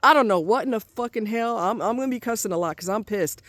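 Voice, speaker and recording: A woman's voice: on the high side, quick pace, a bit bright, dry recording. A middle-aged woman ranting angrily in a vlog, swearing a lot and repeating herself for emphasis. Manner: heated, profane, repetitive ranting. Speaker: vlogger. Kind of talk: angry vlog rant.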